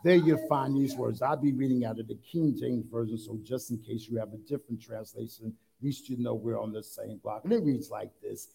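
A man preaching a sermon, leading the congregation in call-and-response and rising to loud, fervent preaching. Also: mid-range voice, moderate pace, vocal fry, few pauses, slightly rough, rough recording. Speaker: pastor.

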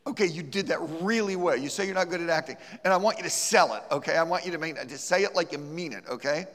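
A man's voice: a little high, fast, a bit bright. A man teaching a church class, who talks it through casually and acts out little scenes with a volunteer. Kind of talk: church teaching with a live role-play. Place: church hall. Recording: reverberant hall.

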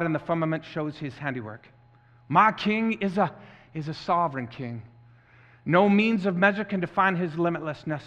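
Man doing a Deep South preacher's chant. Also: fairly bright tone. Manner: rhythmic, building repetition. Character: male Southern preacher declaiming his king. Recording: muffled echoey hall.

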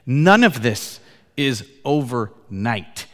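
A man in his forties preaching a sermon as pastor, telling stories with laughs and swinging from loud to soft. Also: medium pitch, sing-song, slow. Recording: long hall reverb.

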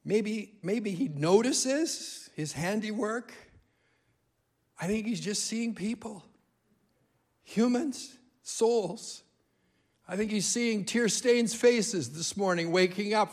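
A male preacher with a fairly high voice delivers a sermon with animated storytelling. He repeats his key phrases for emphasis and keeps a lively, conversational tone. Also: takes it slowly. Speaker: guest preacher.

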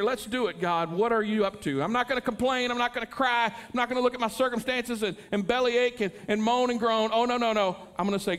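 A man's voice: very high-pitched, fairly even intonation, a little fast, few pauses, fairly bright tone. A middle-aged male pastor preaching a sermon in an earnest manner, rising into impassioned pleas.

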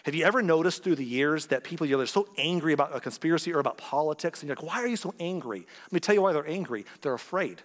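A fairly high-voiced man preaching in a church, his sermon ringing through the long reverb of a large hall. He keeps it conversational and animated, slipping in joking asides and little impressions of other people. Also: racing, hardly any pauses. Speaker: pastor.

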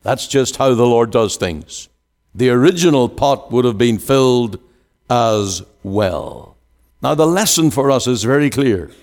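A male preacher delivering a sermon, swinging from emphatic rising questions to hushed pleading and quoting scripture in old wording. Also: medium pitch, expressive, measured pace. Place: church. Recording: long hall reverb.

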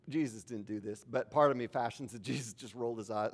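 A man's voice: medium pitch, fairly quick, few pauses. A man preaching a sermon as a pastor, in an informal, conversational way with asides to the congregation.

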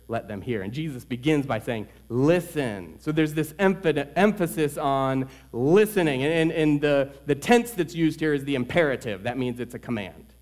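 A man preaching a sermon to his church, earnest, swinging between loud emphasis and quiet asides. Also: medium pitch. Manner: tells a joke story in the middle. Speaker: pastor.

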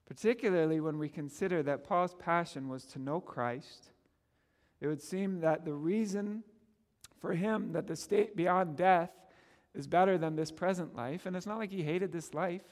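Animated male preacher in a reverberant hall. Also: fairly high pitch, normal speed. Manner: earnest, animated, stammers when emphatic. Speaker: pastor. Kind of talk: sermon.

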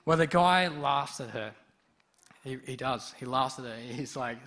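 A man preaching a sermon, telling a story in a lively way and acting out the people in it. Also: mid-range voice, measured pace. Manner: lively storyteller who acts out quoted speech.

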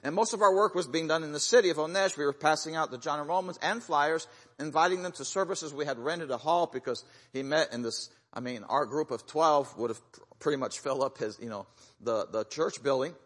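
A man's voice: on the high side, fairly quick. A man speaking as a guest missionary, telling stories in a folksy way, full of fillers and restarts. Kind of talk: sermon-style testimony. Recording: long reverb of a large church hall.

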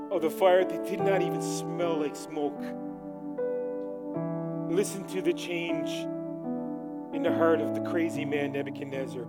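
A man preaching a sermon, retelling a scripture story, swinging from loud fervor to soft, pleading lines. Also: high-pitched.

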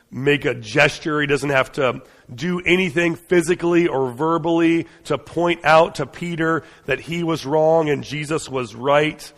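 A man's voice: a little high, a bit bright, in a large hall. A man preaching a sermon in an earnest, conversational way, often restarting his phrases.

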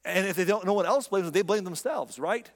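A man's voice: high-pitched, fairly quick, big-room sound. A man preaching a sermon as pastor, talking to the congregation in a conversational, emphatic way and asking rhetorical questions.

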